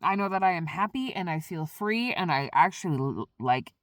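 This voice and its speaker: A woman's voice: lowish voice, moderate pace, dry recording. A woman vlogger casually telling a rambling story, acting out what she said at the time. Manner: rambling, animated, acts out her own past lines.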